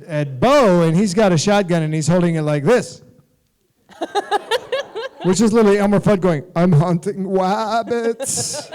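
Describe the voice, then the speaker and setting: Guest on a convention stage: middle-aged American man, somewhat high-pitched, lively anecdote teller who laughs a lot. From United States. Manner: animated anecdotal storytelling, laughing often. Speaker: guest actor.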